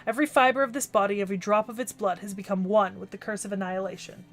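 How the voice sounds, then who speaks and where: A gloating cursed warrior monk. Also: male voice, sits high, steady tone, quick pace, fairly bright tone. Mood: menacing. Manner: cold, boastful, mocking. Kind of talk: anime dub acting.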